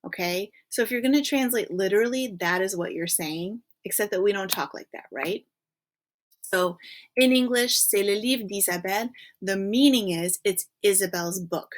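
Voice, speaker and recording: A woman's voice: medium pitch, moderate pace. A woman teaching a recorded French lesson in English, patiently prompting students to think and checking in with frequent okays.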